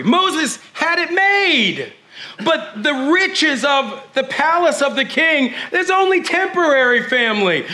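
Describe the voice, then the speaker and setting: A man's voice: sits high, bright, forceful tone. A man preaching a sermon in church, emphatic, calling his congregation "family" and urging them to turn to their neighbors. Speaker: pastor.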